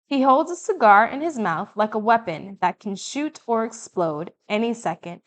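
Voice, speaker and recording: A woman narrating an audiobook in the first person, with measured, vivid storytelling. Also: fairly high pitch, expressive.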